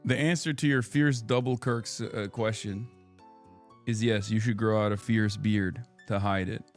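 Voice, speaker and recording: A man's voice: on the low side, fairly even intonation, unhurried, soft background music. A young man hosting a live political stream, casual and sarcastic, swearing often.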